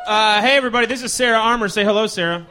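A man in his thirties hosting a comedy podcast, trading deadpan comebacks in improvised banter. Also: high-pitched, music in the background. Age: 30s. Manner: playful, quick deadpan comebacks. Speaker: podcast host.

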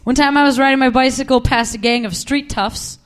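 A young woman doing a stand-up comedy set on a club stage, wry and deadpan with quick asides. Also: high voice. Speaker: stand-up comic.

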